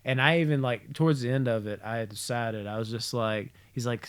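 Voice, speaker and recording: A man's voice: mid-range voice, fast talker, clear, resonant tone. A young man co-hosting a podcast, telling a funny story in a casual chat, swearing freely and laughing as he talks. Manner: animated storyteller, swears freely, laughs through his lines. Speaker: podcast co-host.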